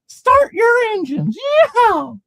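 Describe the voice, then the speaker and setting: A man voicing an unhinged male wrestling showman with a twangy drawl, yelling and rambling nonsense. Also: a little slow, creaky, no room sound, full character voice. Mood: manic. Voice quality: high shouted twang.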